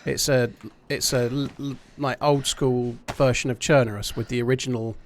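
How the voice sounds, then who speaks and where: Man, game streamer, casual and swearing, mid-pitched voice, noisy audio. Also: steady tone, moderate pace. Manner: chatty, swears freely, thanks supporters. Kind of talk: casual live-stream chat while gaming.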